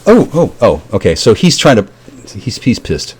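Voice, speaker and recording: The recording is very noisy as a vlogger with a medium-pitched, very animated voice rambles by himself to the camera at normal speed. Swearing is constant, and he keeps sliding between tangents before trailing off into mumbles.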